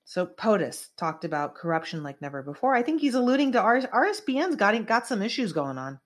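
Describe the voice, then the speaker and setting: A woman's voice: mid-range voice, sing-song, a little fast. A middle-aged woman from California hosting an online show, giving a rambling, emphatic commentary monologue full of asides. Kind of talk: casual political commentary monologue.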